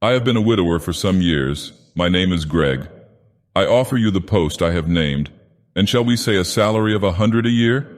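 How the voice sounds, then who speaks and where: A man voicing a middle-aged gentleman who talks in a soothing, persuasive, genial manner. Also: low voice, expressive, moderate pace. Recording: long reverb.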